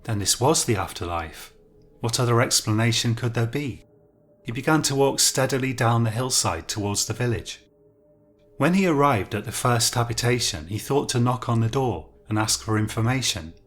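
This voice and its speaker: A man narrating a fiction story in a calm, measured reading. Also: medium pitch, faint music behind. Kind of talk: scripted narration.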